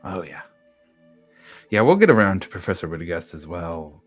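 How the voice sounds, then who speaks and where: A man's voice: low-pitched, sing-song, normal speed, faint music behind. A man narrating a tabletop game as the game master, in a laid-back way with fillers.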